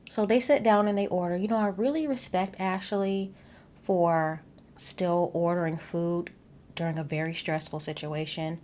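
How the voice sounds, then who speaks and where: A woman casually recapping a reality show episode, sassy and animated, with asides straight to her viewers. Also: fairly low pitch, moderate pace. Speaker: recap vlogger.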